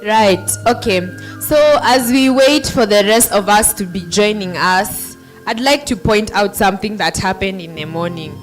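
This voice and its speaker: Teen girl from Kenya, child representative moderating a panel, earnest and emotional, unhurried delivery. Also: medium pitch, soft background music, low-quality recording. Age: teenager. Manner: earnest, emotional, addressing the audience directly. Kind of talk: speech to a conference audience.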